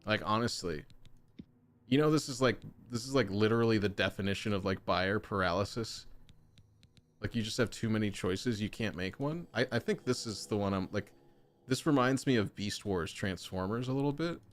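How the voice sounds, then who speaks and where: A man giving casual gameplay commentary as a streamer, chatty and breaking into excited oohs as he browses options. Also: fairly low pitch, normal speed. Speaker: gaming streamer.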